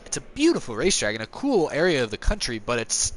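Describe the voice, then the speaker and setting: A man streaming a racing game live, chatting casually with viewers and joking at his own expense. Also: quick pace. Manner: chatty and self-mocking, yelps high with excitement during racing.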